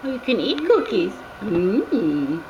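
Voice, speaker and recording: A woman talking to her toddler in slow, sing-song baby talk, coaxing and gently scolding, filmed on a camcorder at home in the kitchen. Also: mid-range voice, big pitch swings, echoey room, highs cut off, noisy background.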